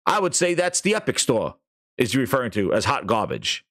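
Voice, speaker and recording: A man's voice: medium pitch, huge pitch swings, moderate pace, a bit bright. A man hosting a gaming podcast, ranting sarcastically, swearing and acting out mocking quotes. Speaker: podcast host. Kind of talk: ranting commentary.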